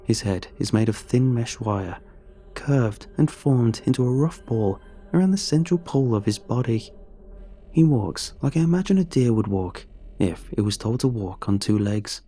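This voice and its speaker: A man narrating a first-person horror story in a measured, tense, scripted way. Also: mid-range voice, expressive, dark tone, husky.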